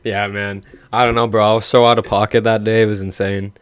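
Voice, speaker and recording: A man's voice: on the low side, flat delivery, brisk, clear, resonant tone. A man hosting a podcast, chatting casually in a laid-back, rambling, self-mocking way. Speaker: podcast host. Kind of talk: casual chat.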